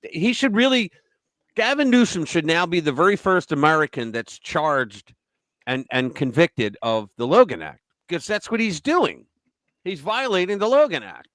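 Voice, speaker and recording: A man's voice: a little high, very animated, moderate pace, fairly bright tone, no echo. An older man hosting a political live stream, blunt and profane, telling stories with lots of animation. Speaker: host.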